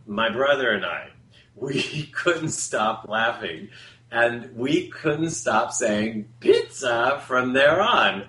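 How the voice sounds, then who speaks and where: A male radio host telling a story at an unhurried pace, circling back and correcting himself as he goes. His voice sits in a roomy, echoey space with a faint hum behind it. The delivery is easygoing and conversational. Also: mid-range voice, a bit bright. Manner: rambling, with restarts and self-corrections. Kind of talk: casual storytelling monologue.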